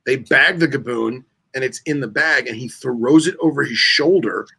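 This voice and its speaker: A man's voice: mid-range voice, moderate pace, vocal fry, pushed and bright, breathy edge. A man co-hosting a casual podcast chat, telling animal stories and acting out the quotes. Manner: storytelling, acts out quotes. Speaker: podcast co-host.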